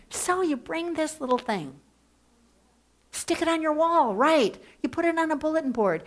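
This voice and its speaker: A woman leading an advocacy training workshop, talking with playful humor and mock excitement through a headset mic. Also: sits high. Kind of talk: workshop presentation. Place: training room.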